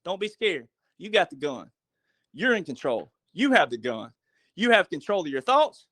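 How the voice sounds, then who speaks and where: Folksy, high-voiced man. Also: sing-song, moderate pace, a bit bright, dry recording. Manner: folksy, preachy, with rhetorical questions. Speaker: podcast guest. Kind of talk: casual storytelling monologue.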